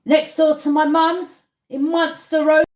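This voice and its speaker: Woman, higher voice, echoey room; confrontational tarot reader calling someone out direct to camera. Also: level tone, unhurried, darkish tone. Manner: accusing, repeats "yeah?" as a challenge.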